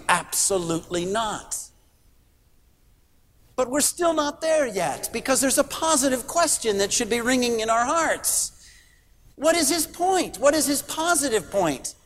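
A man's voice: very high voice, big pitch swings, moderate pace, a bit bright, in a large hall. A middle-aged man preaching a sermon in a church, earnest and emphatic, posing rhetorical questions. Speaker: pastor.

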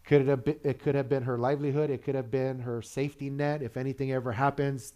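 A man's voice: mid-range voice, flat delivery, fast talker, hardly any pauses, warm tone. A man preaching a sermon in a loose, conversational way, asking the congregation questions and chuckling between points. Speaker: pastor.

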